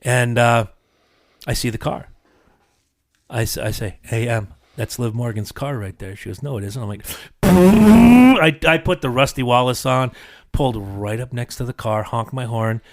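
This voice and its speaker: A man's voice: medium pitch, unhurried, dry recording, clean studio sound. A middle-aged man hosting a podcast, telling a rambling, profane story in casual chat, a little congested from allergies. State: coughing from seasonal allergies. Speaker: podcast host.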